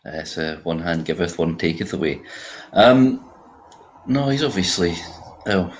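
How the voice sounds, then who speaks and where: Low-voiced, dry Glaswegian co-host. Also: male voice, lively intonation, measured pace. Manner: dry, teasing. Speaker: podcast co-host. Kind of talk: casual podcast chat.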